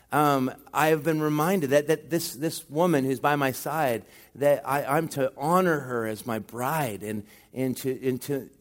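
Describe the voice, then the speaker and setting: A man giving a sermon as a guest pastor, talking conversationally with self-deprecating humor and rising louder on emphatic points. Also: fairly high pitch.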